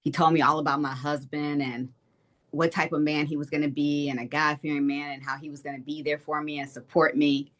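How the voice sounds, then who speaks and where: A woman's voice: deep voice, flat delivery, a little fast, fairly bright tone. A woman from Detroit, a state representative, giving an earnest, reflective personal testimony as an interview guest. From Detroit, Michigan.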